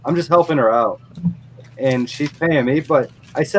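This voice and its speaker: A man's voice: a little high, moderate pace, slight background noise, low-quality recording. A middle-aged man who runs a lawn mowing business, telling a blunt, profane story in a casual podcast chat.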